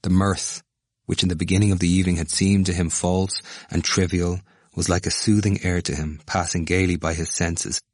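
A man with a very deep voice reads a novel aloud at a measured, even pace. The sound is dry and close, with no room around it. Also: no room sound. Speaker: narrator. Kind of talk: audiobook narration of a novel.

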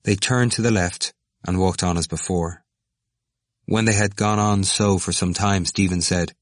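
A man reading a novel aloud as an audiobook narrator in a measured, even way. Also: low voice, no room sound, studio quality. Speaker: audiobook reader.

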